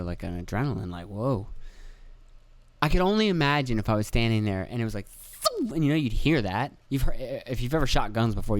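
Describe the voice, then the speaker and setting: A young man rambling through a podcast monologue in a middle-pitched voice, cursing casually and slipping into jokey put-on voices for the people he talks about. The sound is dry and close, with no room in it. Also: clean tone, no room sound. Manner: swearing, jokey, acts out quoted voices. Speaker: podcast host.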